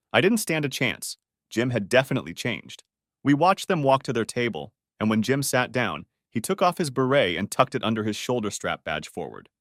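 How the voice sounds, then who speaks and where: A man narrating a scripted story in an expressive storytelling manner. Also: medium pitch, no room sound, studio quality.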